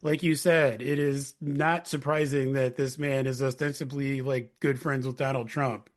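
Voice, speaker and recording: A man's voice: mid-range voice, flat delivery, moderate pace. A man co-hosting a casual podcast, talking bluntly with lots of filler words. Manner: blunt, riffs with many filler "like"s. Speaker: podcast co-host. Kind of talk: casual chat.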